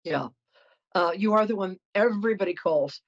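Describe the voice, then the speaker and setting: Muffled audio carries a mid-range female voice at a moderate pace. She's a middle-aged woman hosting a psychic call-in show, frankly chatting, apologizing, and telling stories with a warm but blunt touch.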